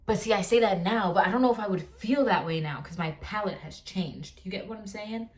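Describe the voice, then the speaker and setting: Young woman vlogger, casual animated rant, everyday mid-range voice. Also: medium pitch, a little fast. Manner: animated, rambling rant with filler words. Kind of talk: casual chat.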